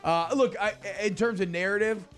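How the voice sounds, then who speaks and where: Chatty sports radio host. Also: male voice, sits high, moderate pace, soft background music. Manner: chatty, energetic, loose. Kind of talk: casual sports talk radio.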